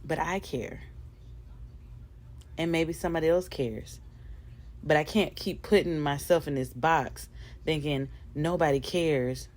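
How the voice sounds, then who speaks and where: A woman hosting her own podcast, talking casually and candidly to her listeners, rambling and laughing at herself. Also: on the low side. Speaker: podcast host. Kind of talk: casual motivational monologue.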